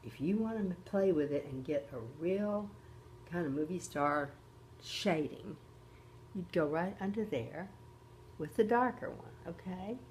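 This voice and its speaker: A woman's voice: on the low side, expressive, a little slow, a little mellow, a little hiss or hum. An older woman hosting a casual makeup tutorial, chatty and often checking in with her viewers. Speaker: host.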